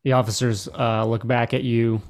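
Gravelly-voiced man narrating a tabletop game. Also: medium pitch, moderate pace. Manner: relaxed narration with many fillers. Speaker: game master.

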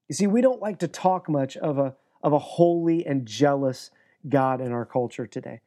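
A man's voice: mid-range voice, normal speed, dark tone. A man preaching an earnest, emphatic sermon as pastor, often restarting his phrases.

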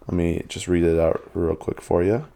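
A man's voice: deep voice, steady tone, moderate pace, creaky, mellow. A young man co-hosting a podcast, laid-back and rambling in casual chat, laughing often. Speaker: podcast co-host.

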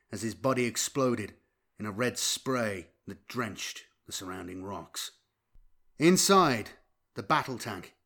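A man reading war fiction aloud as an audiobook, with an intense delivery that swells sharply in loudness. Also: medium pitch. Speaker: narrator.

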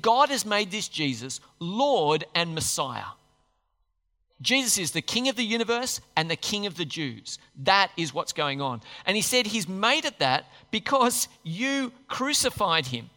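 A man preaching a sermon, animated, putting questions to his listeners as he works through a Bible passage. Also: high-pitched, big-room sound. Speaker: pastor.

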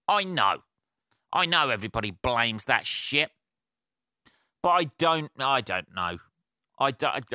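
A man's voice: mid-range voice, bright, forceful tone, no room sound, studio quality. A man hosting a casual solo podcast, rambling and swearing a lot and laughing at himself as he goes. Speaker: podcast host.

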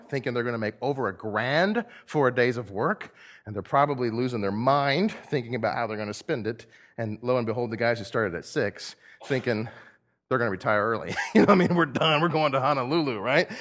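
A man preaching a lively sermon to a group, telling a parable and acting out the voices of its characters. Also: medium pitch. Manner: animated storyteller, acts out voices.

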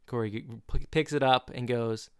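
A man's voice: mid-range voice, steady tone, moderate pace, smooth, no room sound, studio quality. A man in his thirties co-hosting a podcast, recapping a sitcom in casual chat full of playful jokes. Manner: joking, playful banter. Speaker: podcast co-host.

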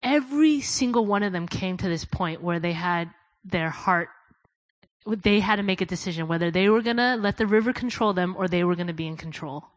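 A woman preaching a sermon, telling stories in a casual way, dropping soft and low for quoted prayers and rising loud when she urges her listeners. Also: brisk, no echo, rough recording. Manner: addresses listeners as "guys".

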